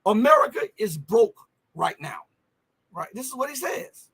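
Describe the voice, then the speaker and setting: A man's voice: high-pitched, sing-song, unhurried, vocal fry, fairly bright tone, breathy edge. A man hosting a live news commentary stream, talking emphatically and firing off rhetorical questions. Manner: emphatic, rhetorical questions, frequent "okay?" and "right?".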